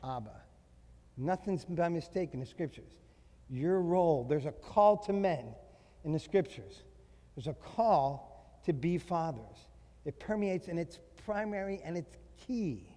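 A middle-aged man preaching a sermon to fathers. He is emphatic, slows down to stress key phrases and mixes in humorous family stories. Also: on the high side, lively intonation, mellow. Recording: long reverb of a large hall.

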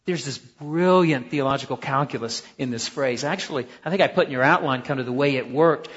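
A man teaching a Bible class, emphatic and animated, often repeating words as he restarts. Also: medium pitch, brisk, slightly rough. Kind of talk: classroom lecture. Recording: muffled, roomy lecture hall recording.

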